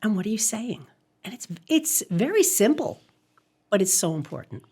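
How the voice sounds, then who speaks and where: A woman's voice: mid-range voice, big pitch swings, normal speed, dark tone, slightly rough. A middle-aged woman, a communication coach, speaking as a guest in a podcast interview, articulate and emphatic.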